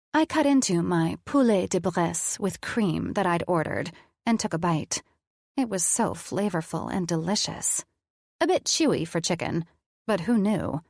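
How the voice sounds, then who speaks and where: A woman reading a first-person audiobook with a candid, conversational and blunt delivery. Her voice sits low and the recording is very dry and close. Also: creaky, dry recording. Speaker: audiobook narrator.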